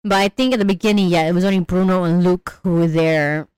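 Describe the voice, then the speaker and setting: Animated casual woman, dry close mic. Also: fast talker, clear, resonant tone, no echo, poor audio. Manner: animated, slangy, mimics characters in high voices. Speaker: podcast co-host discussing a film. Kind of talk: casual chat.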